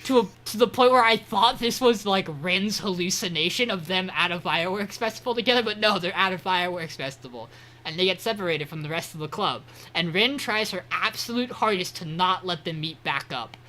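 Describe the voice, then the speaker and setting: A man's voice: high voice, a little fast, bright, forceful tone. A man co-hosting a podcast, recapping an episode in a rambling, swearing, casual way. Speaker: podcast co-host.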